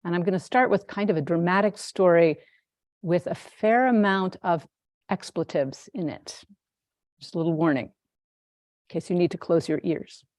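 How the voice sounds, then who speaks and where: In this dharma talk, a woman speaking as a Zen teacher uses a fairly low voice and relates her story at an unhurried pace, clearly amused in a gentle way. The audio sounds close and dry, without any room reverb.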